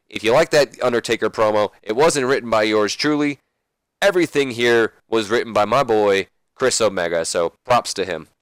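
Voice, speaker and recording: A man's voice: medium pitch, clear, resonant tone, no room sound. A young man casually recapping a wrestling game, rambling and swearing, correcting himself often. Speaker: let's play commentator.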